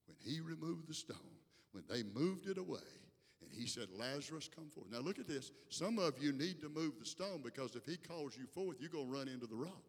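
A man preaching a sermon in a church, folksy and talking straight to the congregation, swinging from hushed asides to loud shouts. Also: fairly high pitch, lively intonation, brisk, slightly rough, big-room sound. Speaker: pastor. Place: church sanctuary.

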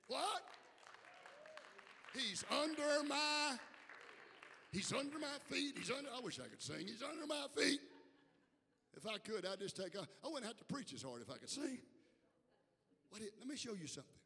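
Fervent preacher with a husky, gravelly voice. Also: male voice, sits high, big-room sound. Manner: fervent call-and-response preaching that swings from quiet asides to shouts. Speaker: bishop preaching. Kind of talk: sermon. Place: church sanctuary.

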